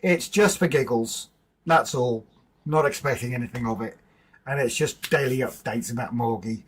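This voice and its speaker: Husky-voiced man hosting a chatty stream. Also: medium pitch, moderate pace, low-quality recording. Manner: chatty, greets and answers viewers in the chat; informal banter with his partner. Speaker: livestream host. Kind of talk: casual livestream chat.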